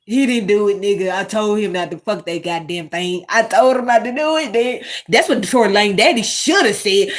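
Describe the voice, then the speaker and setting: A woman hosting a casual commentary monologue, animated and swearing, talking straight to her viewers. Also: medium pitch, fairly quick, few pauses. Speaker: commentary host.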